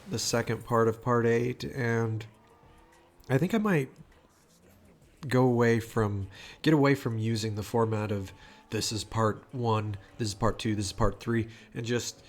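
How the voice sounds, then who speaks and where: A man talking casually into a home microphone for his audio vlog, rambling with lots of fillers, restarts and swearing. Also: medium pitch. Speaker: vlogger. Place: home room. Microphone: new microphone at home.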